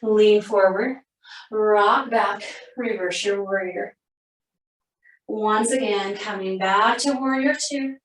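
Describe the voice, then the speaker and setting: A woman's voice: medium pitch, slow pace, pauses often. Yoga teacher woman in a roomy space. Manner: calm, steady cueing, breathing between phrases. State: a little out of breath. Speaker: yoga instructor. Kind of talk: guided yoga class instruction. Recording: roomy sound, mic at a distance.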